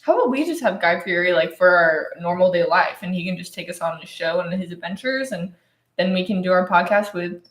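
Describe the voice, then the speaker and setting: A woman's voice: lowish voice, expressive, a little fast. A young woman co-hosting a podcast, playful and quizzing her friend in casual banter. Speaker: podcast co-host. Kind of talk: casual chat. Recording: echoey room.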